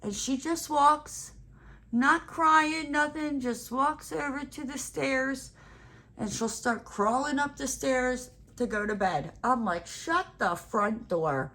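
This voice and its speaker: A woman craft vlogger telling a rambling, animated story while she crafts, with playful self-mocking exclamations. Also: high voice, takes it slowly.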